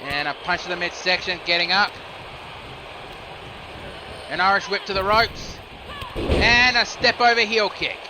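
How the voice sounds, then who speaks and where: A man's voice: sits high, fairly even intonation, a little slow, pauses often, background noise. A man doing solo play-by-play commentary of a video game wrestling match, calling each move steadily and rising sharply on near falls and reversals.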